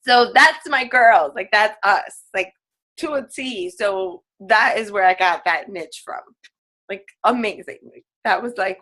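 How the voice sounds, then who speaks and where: Her voice medium in pitch and fairly bright, a woman fitness coach talks a little slowly as a guest on a team call. She's casual and chatty, saying "like" a lot and laughing frequently.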